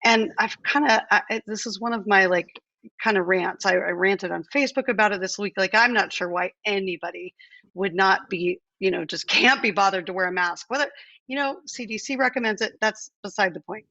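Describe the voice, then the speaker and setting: A woman in her forties from the United States speaks fairly quickly at a medium pitch with a sharp tone; the audio is lo-fi with no room sound. Co-hosting a live stream from home, she talks casually and emotionally, chatty and full of storytelling asides with quoted lines.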